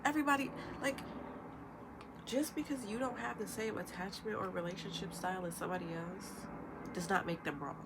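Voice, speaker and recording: Young woman, ranting vlog, animated, medium pitch, noisy recording. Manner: emphatic, rapid-fire, animated with imitated quotes. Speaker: vlogger. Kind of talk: ranting commentary.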